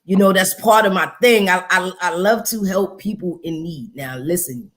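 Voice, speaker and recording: Woman hosting a livestream, lively and emphatic, laughs a lot. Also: fairly low pitch, moderate pace. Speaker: host and interviewer. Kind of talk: casual livestream chat.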